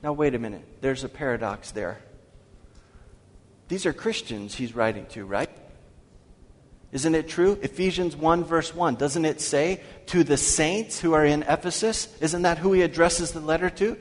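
A man preaching a sermon as pastor, asking his congregation questions and slowing down to read scripture aloud. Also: fairly high pitch. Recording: long hall reverb.

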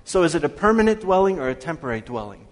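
A man preaching a sermon as pastor, asking his congregation questions and slowing down to read scripture aloud. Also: on the high side, sing-song. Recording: long hall reverb.

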